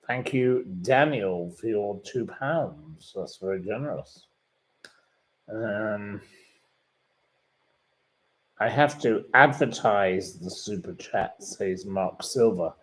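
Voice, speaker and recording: Male livestream host, unhurried delivery, easily offended, repeats himself. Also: on the low side, poor audio. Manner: indignant and plummy, repeats himself. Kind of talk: casual live chat reading viewer comments. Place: sitting room.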